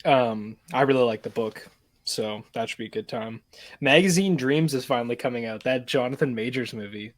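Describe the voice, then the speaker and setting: A man's voice: medium pitch, moderate pace. A young man, co-hosting a podcast in loose, profane casual chat and laughing often. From Canada. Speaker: podcast co-host.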